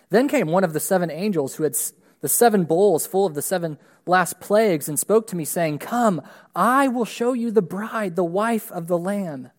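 A man, a pastor, reading a long scripture passage aloud to his congregation during a church service, measured and steady with emphatic rises on key words. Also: a little high.

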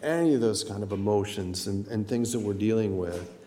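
A man's voice: fairly low pitch, brisk. Conversational man preaching in a reverberant hall. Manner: conversational, animated, acts out inner voices. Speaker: pastor. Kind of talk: sermon.

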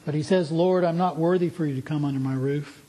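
A man's voice: fairly high pitch, fairly quick, dark tone, low-quality recording. A man preaching a sermon in an earnest, emphatic way, asking his listeners pointed questions.

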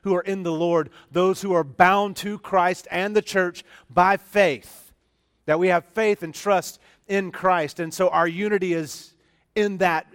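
A man's voice: high voice, fairly bright tone, clean tone. A man preaching a sermon as pastor, talking in a conversational way that turns earnest and emphatic, with frequent restarts and repeated phrases. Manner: earnest and emphatic, stressing key words.

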